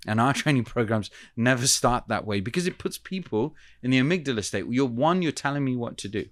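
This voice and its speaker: A man who is a communication expert, explaining ideas in a measured, teacherly way as a podcast guest. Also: mid-range voice, expressive, no echo, studio quality. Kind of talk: podcast interview.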